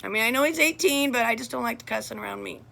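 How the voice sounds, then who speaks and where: A woman's voice: a little high, racing, gravelly, pushed and bright. A middle-aged woman talking straight to camera about her family, blunt and heated as she vents. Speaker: vlogger. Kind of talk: casual personal monologue.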